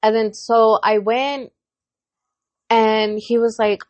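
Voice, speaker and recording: A woman co-hosting a podcast, chatting casually and bluntly, telling animated stories with voiced quotes and plenty of swearing. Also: on the high side, slow pace, no echo, muffled recording. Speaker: podcast co-host. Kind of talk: casual chat.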